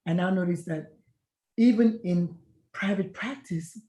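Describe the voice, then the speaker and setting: A lowish, mellow female voice, a little slow, belongs to a middle-aged retired pediatrician who became a life coach. Interviewed in a room with noticeable echo, she reflects earnestly on her life and retells conversations by acting them out.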